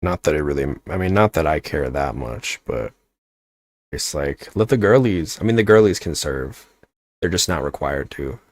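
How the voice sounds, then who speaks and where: Deep-voiced rambling guy streaming. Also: animated, normal speed, no room sound. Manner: rambling, filler-heavy, joking. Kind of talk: casual livestream chat.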